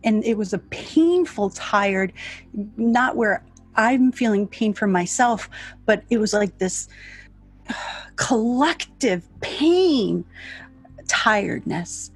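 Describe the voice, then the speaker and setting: A soft-spoken woman speaking in an emotional, open way during a heartfelt panel discussion. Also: mid-range voice, expressive, slow, husky, faint music behind.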